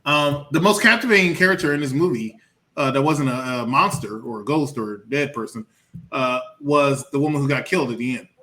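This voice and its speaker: A man co-hosting a casual movie review podcast. He talks in an animated way, laughs often and swears freely. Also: medium pitch, a little fast. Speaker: podcast co-host.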